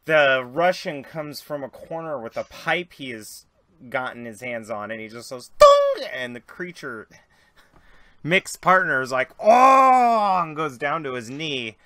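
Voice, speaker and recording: A man narrating as game master, dramatic and lively, jumping into voices for characters. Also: medium pitch, a little slow.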